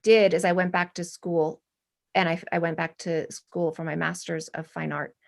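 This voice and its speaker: A woman's voice: on the low side, little pitch movement, normal speed, vocal fry. Earnest rambling woman in her forties. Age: 40s. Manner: rambling, earnest, many restarts. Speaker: guest artist and art professor. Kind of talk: spiritual casual interview.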